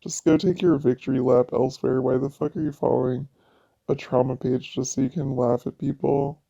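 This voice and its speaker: A woman's voice: a bass voice, fairly even intonation, brisk, dark tone. A woman in a personal vlog monologue, venting in a raw, profane way. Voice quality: gravelly vocal fry. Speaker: vlogger. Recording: dull lo-fi audio.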